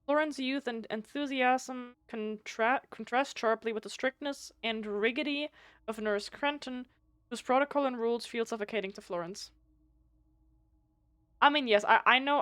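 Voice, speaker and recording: A woman whose first language is German, streaming a game live, reading its text aloud and thinking out loud, often stumbling over words and restarting. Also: on the high side, fairly even intonation, normal speed, smooth, no room sound, studio quality.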